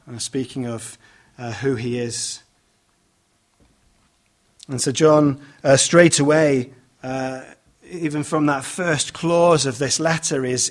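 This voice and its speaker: A man preaching a sermon, speaking in a measured way with many "uh" fillers and restarts as he reads scripture aloud and explains it. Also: a little high.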